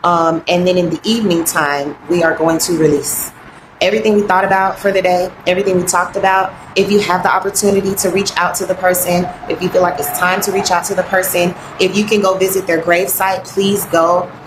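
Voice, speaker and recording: A woman with a lowish voice gives an earnest wellness talk, heartfelt and halting as she fights back tears. Her voice rings around a roomy, echoey space with faint ambient noise behind. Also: level tone. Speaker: wellness coach.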